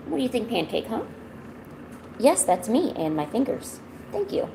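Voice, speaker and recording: A woman's voice: fairly high pitch, big pitch swings, moderate pace, creaky, long pauses, dark tone, slight background noise. A woman live-streaming from home, chatting casually with viewers and cooing baby talk to her cat. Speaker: art streamer.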